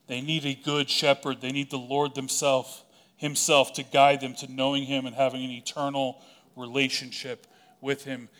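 A man pastor delivering a sermon in a conversational style, with casual asides and quick acted-out quotes. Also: mid-range voice, fairly bright tone.

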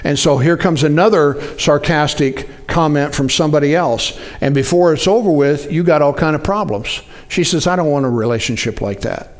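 A man's voice: moderate pace, hardly any pauses. A man preaching a sermon in a conversational way, often asking the congregation to respond. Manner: animated, jumps up in pitch for acted-out quotes. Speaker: pastor.

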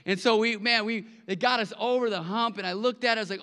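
A man preaching a sermon to his congregation, conversational and animated, telling stories with acted-out quotes. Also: high-pitched, fast talker, few pauses. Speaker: pastor. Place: church sanctuary. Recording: long hall reverb.

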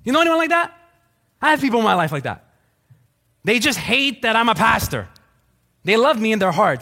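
Animated, high-voiced joking male pastor. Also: brisk, vocal fry, pauses often. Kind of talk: sermon.

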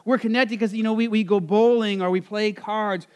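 A pastor from Nebraska delivers a relaxed, conversational sermon. He has a notably high voice for a man, leans on fillers and keeps asking the congregation questions as he talks. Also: normal speed, smooth. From Nebraska, USA. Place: church service.

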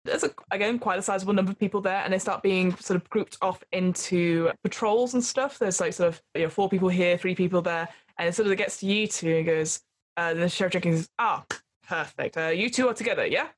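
A woman's voice: lowish voice, steady tone, fairly quick. A woman runs a tabletop horror game as game master, narrating scenes and calling for rolls. She rambles along with many fillers as she describes what happens.

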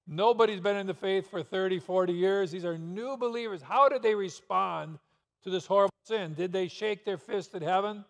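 In a church sanctuary full of long reverb, a male pastor with a high, somewhat bright voice delivers a sermon at a moderate pace. He poses rhetorical questions and presses his points with abrupt emphasis.

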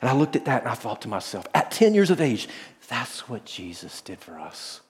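Animated man preaching in a reverberant hall. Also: mid-range voice, moderate pace. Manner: animated storytelling, dropping to hushed tones. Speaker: pastor. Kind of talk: sermon. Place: large auditorium.

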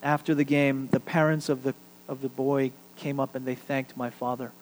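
A male pastor preaching a sermon, telling a story with animated build-ups and quiet, hushed drops for emphasis. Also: mid-range voice, normal speed, long reverb tail, slight background noise, low-quality recording.

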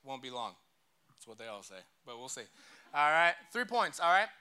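A man's voice: mid-range voice, sing-song, normal speed, pushed and bright, clean tone. A young man giving a casual, joking sermon in church and leading the crowd in call-and-response. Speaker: church speaker.

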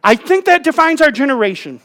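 A pastor delivering a laid-back, funny sermon from the church stage, his voice sitting high for a man. He is middle-aged, talks into a stage mic, and keeps breaking into self-mocking asides. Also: a little fast. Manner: humorous, self-deprecating, animated asides. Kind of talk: conversational sermon. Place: church sanctuary.

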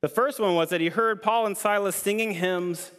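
A man's voice: sits high, normal speed, fairly bright tone, clean tone. A man pastor preaching a sermon in an earnest, conversational way, repeating key lines for emphasis. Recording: long hall reverb.

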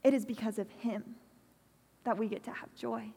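A woman preaching a sermon in a church, earnest and pastoral, speaking slowly and deliberately. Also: a little high, fairly even intonation, creaky, warm tone, slightly rough. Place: church hall. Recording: long hall reverb.

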